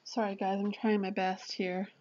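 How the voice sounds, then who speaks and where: A woman vlogger chatting casually through an unboxing, gushing and excitable, often apologizing as she shows things. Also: mid-range voice, normal speed, lo-fi sound, a little hiss or hum.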